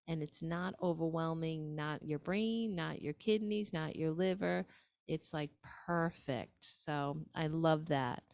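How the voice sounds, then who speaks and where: Woman, New York accent, nutrition show host, lowish voice, dry close sound, chatty with ums. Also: creaky, a little mellow, no room sound. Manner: chatty, frequent ums, asides to the audience. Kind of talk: casual talk-show advice.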